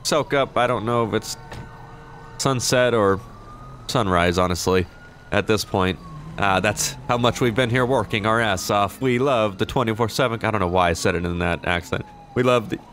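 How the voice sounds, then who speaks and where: A man's voice: lowish voice, fairly bright tone, slight background noise. A young man playing a shop clerk in an online roleplay game, chatting casually, swearing now and then and drawling out his action emotes. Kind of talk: casual gameplay commentary and in-character chat.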